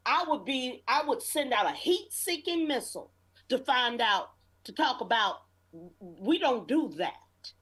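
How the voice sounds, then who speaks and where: A woman guest commentator giving forceful political opinions on talk radio. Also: high voice, big pitch swings, unhurried, slightly rough.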